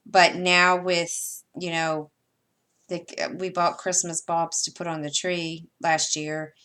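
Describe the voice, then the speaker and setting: A middle-aged woman with a light Southern American accent talks on and on in a loose, rambling way, her sentences often trailing off into fillers. Her voice sits a little low for a woman. She sounds like a crafter chatting casually to her viewers. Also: little pitch movement, slow, bright, forceful tone. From United States. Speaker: cross-stitch vlogger. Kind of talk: casual chat while sorting floss.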